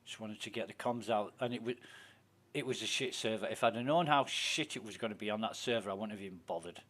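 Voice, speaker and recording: A man's voice: lowish voice, quick pace, a bit bright. A man with a Yorkshire accent chatting casually while streaming a game, telling rambling stories and swearing often. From Yorkshire, England. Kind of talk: casual chat while gaming.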